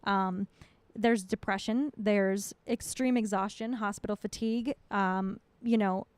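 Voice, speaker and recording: Candid young woman, smooth and dry. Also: mid-range voice, steady tone, measured pace, darkish tone, dry recording. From North Dakota. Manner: candid, swears freely, rambling. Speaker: podcast co-host. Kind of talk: casual podcast chat.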